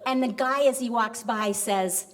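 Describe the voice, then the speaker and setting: A middle-aged woman giving a lecture, telling a story in an animated way and acting out the dialogue. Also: on the high side, measured pace, a little hiss or hum. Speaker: university vice president giving a lecture.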